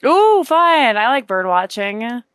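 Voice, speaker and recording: A woman co-hosting a casual meme reaction chat, teasing with quick banter. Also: on the high side, big pitch swings, a bit bright, smooth, dry recording. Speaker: co-host reacting to memes.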